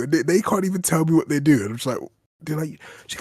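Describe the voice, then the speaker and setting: This young man, a game developer on a casual stream, rambles and swears while animatedly retelling stories. His mid-range voice is creaky and husky, and he talks a little fast. The sound is studio quality with no echo.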